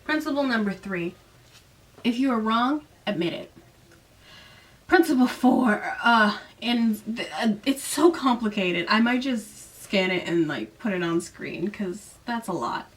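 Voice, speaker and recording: A woman casually recapping a novel in a chatty, sarcastic way, acting out the characters' lines with jumps in pitch. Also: expressive, unhurried, distant mic. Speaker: book recap vlogger.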